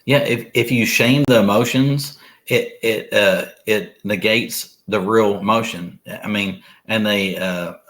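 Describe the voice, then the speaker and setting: A man's voice: fairly low pitch, unhurried, a bit bright. A middle-aged man talking earnestly as a podcast guest, rambling and restarting his sentences. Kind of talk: casual conversation.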